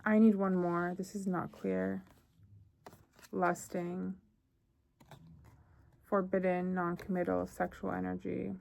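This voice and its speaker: Chatty young woman with a gravelly edge. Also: lowish voice, flat delivery, slow pace, long pauses, darkish tone. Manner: chatty, thinking aloud with fillers. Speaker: tarot reader. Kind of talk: casual tarot reading.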